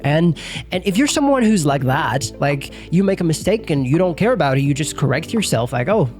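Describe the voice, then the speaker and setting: Young guy teaching english, kinda high voice, super chatty and loose, little music behind. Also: very animated, fairly quick, darkish tone. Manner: chatty, loose, lots of fillers and mild swearing. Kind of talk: casual video lesson.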